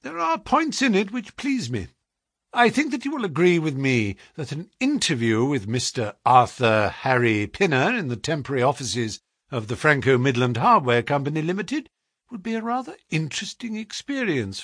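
A man voicing a shrewd, composed detective who speaks in a measured, refined way. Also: a little high, big pitch swings, fairly bright tone, no room sound, clean studio sound, pitched above the performer's own voice, exaggerated voice.

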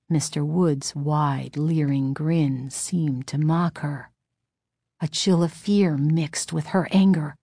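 A woman reading a storybook aloud in measured, suspenseful narration from a close microphone. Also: low voice, steady tone, mellow, no echo.

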